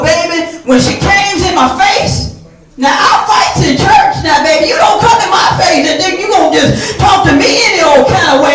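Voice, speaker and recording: Woman playing a loud judgmental church mother. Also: high-pitched. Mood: sassy bragging. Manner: shouting, calls everyone baby, preachy scolding. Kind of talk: one-woman stage comedy. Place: theater stage, live. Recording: echoey stage from far off.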